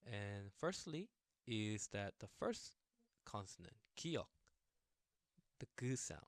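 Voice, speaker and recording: A man's voice: lowish voice, very animated, unhurried, no echo, studio quality. A young man casually teaching a language lesson, explaining patiently with everyday examples and a few fillers.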